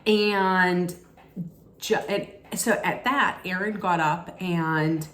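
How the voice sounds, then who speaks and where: A woman's voice: lowish voice, extremely slow. A woman casually recapping a reality TV episode. She often restarts her sentences and acts out what people said. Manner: chatty, with frequent restarts and lively acted-out quotes. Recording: echoey room with faint background noise.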